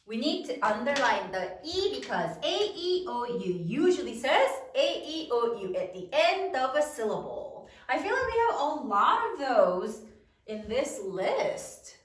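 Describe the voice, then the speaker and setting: Lively high-voiced woman teaching spelling. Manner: slow, lively sing-song teacher cadence, spelling out sounds. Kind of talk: spelling lesson dictation. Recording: roomy echo, voice a bit far from mic.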